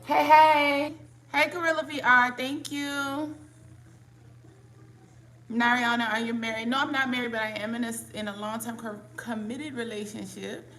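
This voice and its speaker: A middle-aged woman with a raspy, scratchy voice, chatting casually on a live stream and greeting viewers by name. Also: a little high, steady tone, normal speed, fairly bright tone. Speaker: livestream host.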